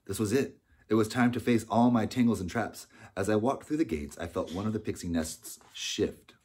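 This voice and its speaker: A man narrating a storybook in a steady, unhurried way. His voice is very deep and slightly husky. He reads with an even storytelling tone. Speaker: audiobook narrator. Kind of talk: scripted narration.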